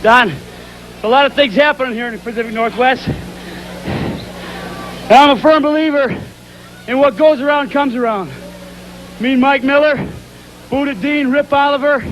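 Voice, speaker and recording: A man's voice: very high-pitched, normal speed, long pauses, a little hiss or hum, low-quality recording. A man, a pro wrestler, cutting a boastful, threatening promo interview.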